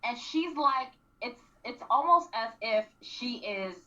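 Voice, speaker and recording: Woman co-host, high bright voice, lively recap chat, mic sounds distant and dull. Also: slow pace. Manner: animated, acts out quotes, frequent throat clearing. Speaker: radio show co-host.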